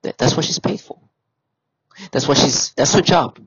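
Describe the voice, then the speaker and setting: A man's voice: on the high side, expressive, normal speed. Agitated man on lo-fi audio. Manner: agitated, repetitive, voice rising when upset. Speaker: vlogger. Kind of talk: casual monologue to camera. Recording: dull lo-fi audio with faint noise.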